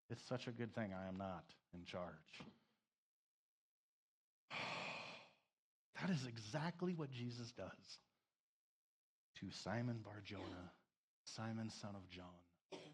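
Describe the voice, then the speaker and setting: A man's voice: on the low side, husky. Man preaching with emotional swings. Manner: emotional, swings from loud emphasis to soft hush. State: crying. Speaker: pastor. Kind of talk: sermon.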